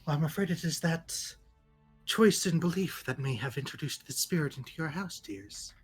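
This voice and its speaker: A tabletop player voicing a smooth-talking cleric who calls everyone dear, soft-spoken and halting. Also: medium pitch, soft background music, close to an everyday voice. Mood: soothing.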